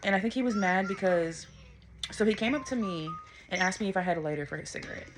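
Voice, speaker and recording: A woman's voice: mid-range voice, fast talker. A woman, chatting casually to camera in a vlog, blunt and swearing freely. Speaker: vlogger.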